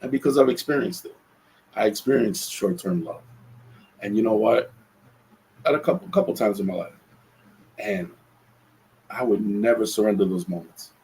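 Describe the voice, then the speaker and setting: A man's voice: fairly low pitch, moderate pace, pauses often, darkish tone, a little hiss or hum, rough recording. A man hosting a solo podcast, talking earnestly and reflectively, often restarting his phrases. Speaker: podcast host.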